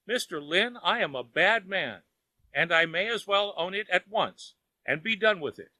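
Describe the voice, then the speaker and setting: A man's voice: high-pitched, expressive, normal speed, sharp tone, no echo, voice pushed up, heavily acted. A man voicing a miserly, desperate old man who wails and pleads frantically. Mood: pleading. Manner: frantic, begging.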